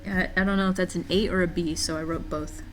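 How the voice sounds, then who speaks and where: Casual woman let's-player, thinks aloud, low-ish voice. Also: fairly even intonation, fast talker, music in the background. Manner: chatty, self-deprecating, thinks aloud. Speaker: game streamer. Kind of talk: casual gameplay commentary.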